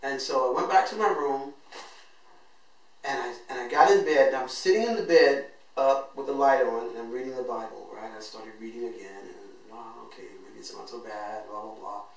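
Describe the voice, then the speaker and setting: A man's voice: mid-range voice, moderate pace, gravelly, slight background noise. A man earnestly telling his own life story as host, acting out what he said back then. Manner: earnest and emotional, acts out his own past words. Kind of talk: personal storytelling monologue. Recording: echoey room, voice from a distance.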